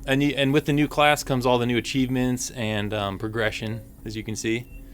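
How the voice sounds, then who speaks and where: A man's voice: mid-range voice, little pitch movement, fairly quick, faint music behind. A man hosting a casual game livestream, chatty and upbeat, with frequent fillers. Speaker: stream host.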